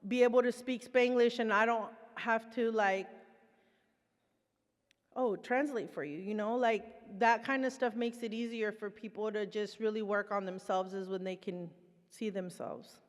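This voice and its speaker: A woman of middle pitch speaks on a panel about her own recovery. Her talk is heartfelt, loose and unscripted, full of fillers. Her voice carries a long reverb like a large hall. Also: steady tone, normal speed. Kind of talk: conversational presentation.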